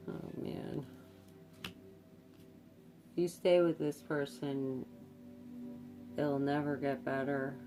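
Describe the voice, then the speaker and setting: A woman's voice: very deep voice, fairly even intonation, extremely slow, long pauses, over music. A woman giving a tarot reading, speaking hesitantly with many fillers and repeated words. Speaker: tarot card reader. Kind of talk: intuitive tarot reading to camera.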